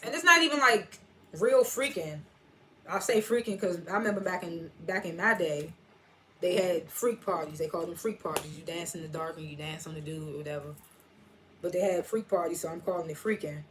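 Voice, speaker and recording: A woman's voice: mid-range voice, a little hiss or hum. A woman recaps a TV episode in a loose, conversational way. She talks in slang, reacts as she goes and slips into the characters' lines to act them out. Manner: animated, slangy storytelling that acts out quotes. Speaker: TV episode reviewer.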